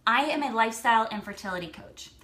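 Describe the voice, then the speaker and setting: A woman in her thirties, a lifestyle and fertility coach, telling a personal story to her viewers in an animated, chatty way with lots of "like". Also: on the high side, fast.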